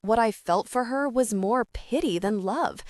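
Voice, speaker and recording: A woman narrating a first-person audiobook with a steady, earnest reading. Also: fairly high pitch, measured pace, dry recording, studio quality.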